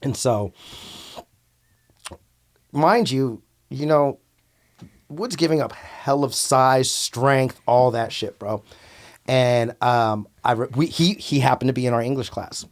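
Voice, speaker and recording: A man telling stories as a podcast guest, animated and profane, calling the host "bro" a lot. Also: mid-range voice, normal speed. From Antioch, California. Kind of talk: casual storytelling.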